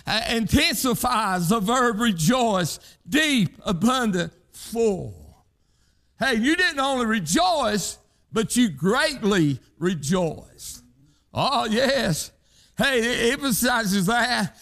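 Man, preacher, very high voice, rhythmic sermon delivery, calls out "hey" and "huh", country speech. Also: expressive, takes it slowly, a bit bright.

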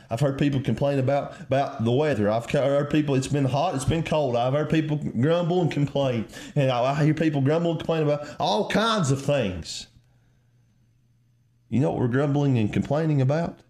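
A man preaching a fervent sermon, calling the listeners "friend" and swinging between quiet reflection and raised emphasis. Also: mid-range voice.

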